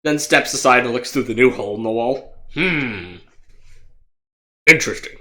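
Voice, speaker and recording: A man's voice: medium pitch, fast, fairly bright tone. A man narrating a tabletop game as game master, matter-of-fact with dry jokes.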